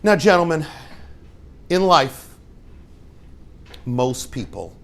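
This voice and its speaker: A rabbi teaching his students through a lively story, acting out the scenes and dropping in joking asides. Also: fairly high pitch, slow pace. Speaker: rabbi and yeshiva head.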